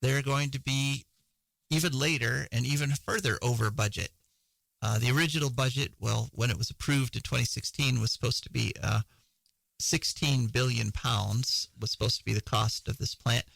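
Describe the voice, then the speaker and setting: A man's voice: medium pitch, steady tone, normal speed, creaky, a bit bright, dry recording, low-quality recording. A man hosting a radio show, chatting casually through the news with frequent fillers and laughs.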